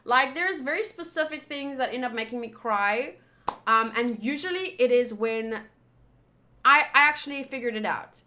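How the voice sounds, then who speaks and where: A woman's voice: high voice, normal speed, sharp tone, a little hiss or hum. A woman streamer talking casually and rambling, swearing freely as she chats to viewers. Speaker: anime reaction streamer. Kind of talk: casual livestream chat.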